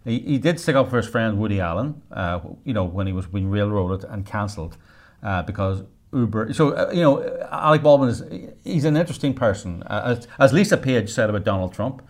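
A man co-hosting a casual podcast chat, telling stories in an animated way and mimicking the people he quotes. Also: lowish voice, brisk. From Ireland. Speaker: co-host, filmmaker.

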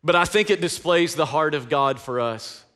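A man's voice: fairly high pitch, lively intonation, normal speed, a bit bright. A male pastor from East Tennessee, preaching an Easter sermon with passion and call-and-response. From East Tennessee, USA.

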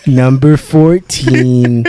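A man doing an impression of a dramatic countdown-video narrator, with a drawn-out, announcing delivery. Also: medium pitch, fairly even intonation, over a noisy crowd. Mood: mock-dramatic. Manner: drawn-out, announcing delivery, louder than his own talk.

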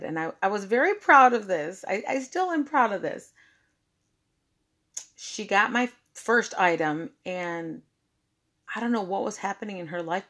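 Woman, slow-paced storyteller, lower voice, chatty and expressive. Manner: chatty, expressive, says "like" often. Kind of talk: personal storytelling.

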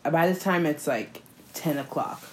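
A woman telling a story in a casual chat, profane and animated, often breaking into laughter. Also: sits low, moderate pace, slight background noise, rough recording.

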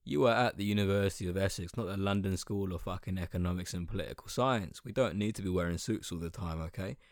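A man's voice: deep voice, fast, dry recording, studio quality. A young man hosting a podcast, ranting in a profane, sarcastic and scornful way. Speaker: podcast host. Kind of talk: casual podcast rant.

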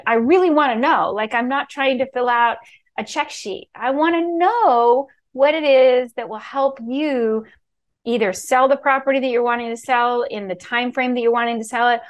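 A middle-aged woman from Key West, a real estate executive telling stories in a bubbly, animated way as a podcast guest. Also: on the high side. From Key West, Florida. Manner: bubbly, animated, acts out quoted voices. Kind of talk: casual storytelling interview.

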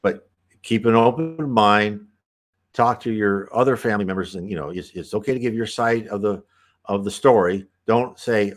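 A man hosting a talk that answers viewer questions, speaking in a relaxed, rambling way, restarting sentences and clearing his throat. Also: on the low side, normal speed. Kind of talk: casual spoken advice talk.

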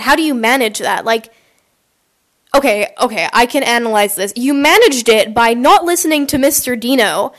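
A woman's voice: fairly high pitch, moderate pace, a bit bright. A woman podcast host chatting casually and reacting to listener confessions, rambling and acting out quotes in silly voices, on a poor quality mic.

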